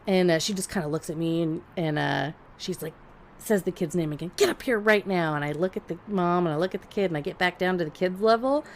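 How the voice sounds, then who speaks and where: A woman on a podcast telling a story in casual chat, blunt and profane, animated and laughing as she talks. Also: on the low side, quick pace, slight background noise. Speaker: podcast co-host.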